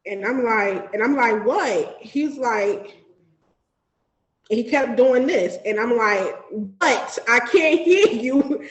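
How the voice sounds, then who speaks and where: Woman, slightly high voice, animated and profane storyteller who acts out quoted voices; echoey room. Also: slow pace. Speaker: podcast guest. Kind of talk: casual storytelling chat.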